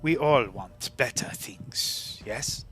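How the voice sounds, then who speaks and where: Man playing a female arena boss, voice changer, breathy, slow-talking, scheming, tabletop game. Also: mid-range voice, lively intonation, fairly bright tone, soft background music. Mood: hushed.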